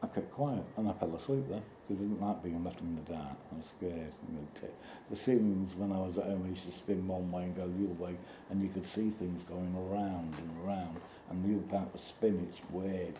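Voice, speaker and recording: Rambling man, low voice, noisy outdoor echo. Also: fairly even intonation. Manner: rambling, halting, with many restarts and sudden outbursts. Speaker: storyteller. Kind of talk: rambling personal monologue. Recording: roomy echo with loud background noise.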